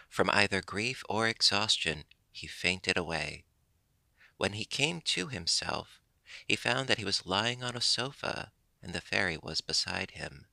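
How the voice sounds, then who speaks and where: A man reading a classic children's story aloud as narration, steady and expressive. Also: lowish voice, vocal fry, dry recording. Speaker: audiobook reader.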